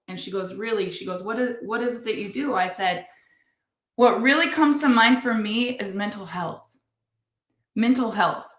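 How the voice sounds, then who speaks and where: A middle-aged woman pours out a personal story to her listeners, intense and emphatic. Her voice sits a touch high and rings bright and sharp. The room around her gives back a clear echo. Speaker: podcast host.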